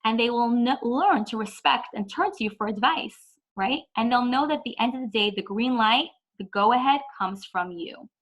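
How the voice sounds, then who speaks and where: A woman's voice: fairly high pitch, moderate pace, few pauses, a bit bright, low-quality recording. Chatty woman teaching a parenting class. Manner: chatty, says "like" a lot, acts out whiny kids. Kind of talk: online parenting lesson.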